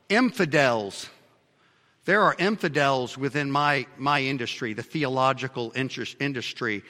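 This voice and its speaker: A man preaching a sermon as pastor, swinging between fiery shouts and low asides. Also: big-room sound.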